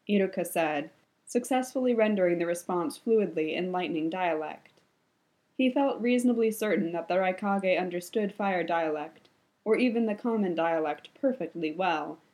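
A woman narrates fiction in a measured, even way. Her voice sits low and sounds mellow and warm, never bright. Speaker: reader. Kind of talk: audiobook-style fan fiction narration.

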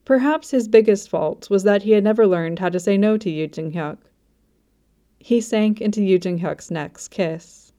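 A woman narrating a story in a soft, even storytelling manner. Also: mid-range voice, moderate pace. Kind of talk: scripted narration.

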